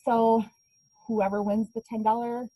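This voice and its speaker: A woman's voice: a little high, little pitch movement, measured pace, dark tone, no echo, poor audio. A woman instructor opening an online class over a video call, upbeat and chatty, a little scattered.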